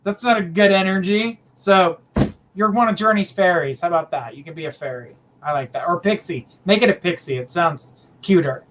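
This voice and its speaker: A man's voice: sits high, moderate pace, a bit bright, a little hiss or hum. A middle-aged man hosting a live psychic reading stream, chatting casually and affectionately with viewers. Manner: chatty, affectionate, calls viewers sweetheart and honey. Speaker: psychic reader, livestream host.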